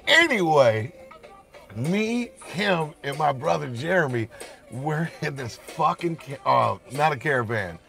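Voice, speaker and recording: A man, telling rough street stories in a profane, animated way, laughing often. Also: on the high side, slow, faint music behind. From Detroit, Michigan. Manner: profane, animated storyteller who laughs often and acts out shouts. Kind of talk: casual storytelling chat.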